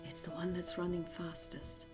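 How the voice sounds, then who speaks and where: A woman voicing the ghost of a young boy who is fading away, speaking in a low, hushed whisper. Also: flat delivery, moderate pace, loud music behind the voice, natural voice. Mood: eerie hush.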